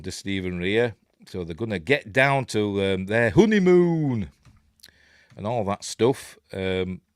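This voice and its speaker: Yorkshire man, low voice, dry recording, casual rambling film chat with chuckles. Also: no room sound. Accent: Yorkshire English. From Yorkshire, England. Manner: rambling and chatty, quick asides and chuckles. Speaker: film review host. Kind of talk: casual film breakdown commentary.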